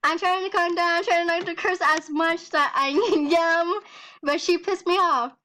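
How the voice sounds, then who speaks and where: A high, bright voice from a teenage girl venting her anger in a home vlog. She talks slowly and swears often, with nervous laughs breaking through the rant. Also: fairly even intonation, slight background noise. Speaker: vlogger.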